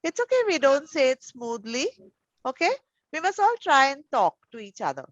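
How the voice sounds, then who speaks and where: A woman teaching young children over a video call, gentle and encouraging, full of endearments. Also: high-pitched, sing-song, normal speed, no echo. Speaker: preschool teacher. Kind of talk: online class with young children. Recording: dull, dry video call audio.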